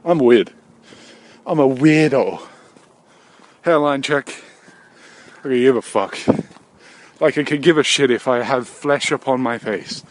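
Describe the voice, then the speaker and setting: A man's voice: mid-range voice, measured pace, long pauses. Rambling, foul-mouthed man vlogging outdoors. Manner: crude, self-mocking rambling with sudden silly shouted voices. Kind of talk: rambling solo vlog.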